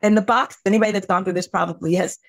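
A woman guest on a podcast, telling a painful personal story earnestly and intensely, her voice climbing high when upset. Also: steady tone, very fast, vocal fry, no echo. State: tearful at times.

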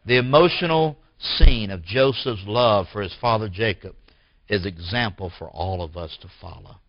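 A man preaches to his congregation in a low, deep register. He rises into forceful, emphatic bursts, then drops to hushed lines. The recording is dry and dull, with a lo-fi edge. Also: normal speed, dry recording. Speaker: pastor. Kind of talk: sermon. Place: church.

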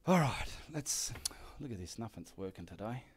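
A middle-aged Australian artist chats behind the scenes while painting, swearing freely, joking and muttering instructions to himself as he gives directions. His voice is fairly low, husky and animated, at a normal speed.

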